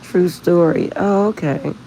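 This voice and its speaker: A middle-aged woman chatting casually with live viewers on her phone, rambling warmly and laughing often. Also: lowish voice, measured pace, a little hiss or hum, poor audio. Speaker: livestream host.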